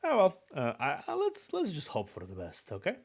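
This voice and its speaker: His voice is a little high and husky, with wildly swooping pitch at a normal speed. The man, slightly Russian-accented and a bit under the weather, rambles casually before reading a book on stream, restarting sentences and muttering asides.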